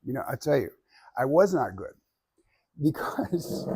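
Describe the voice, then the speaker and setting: Husky man giving a joking class speech. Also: mid-range voice, takes it slowly. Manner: animated and joking, addressing the audience directly. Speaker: public speaking instructor.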